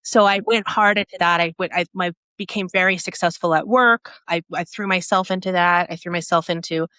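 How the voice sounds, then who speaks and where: A woman guest on a podcast tells her story in a casual, animated way, full of "like" and restarts, and she acts out what people said. Her voice sits a little low for a woman. The recording is close and dry. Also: a little fast, no echo. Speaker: podcast guest, app founder. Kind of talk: personal storytelling in a podcast interview.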